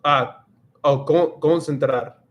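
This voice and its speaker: Guy hosting a livestream, reading chat comments out loud, pretty flat voice, kinda laughy and loose. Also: a little high, takes it slowly, dull audio. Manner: chatty, laughs, restarts while reading comments aloud. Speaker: livestream host. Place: home livestream setup.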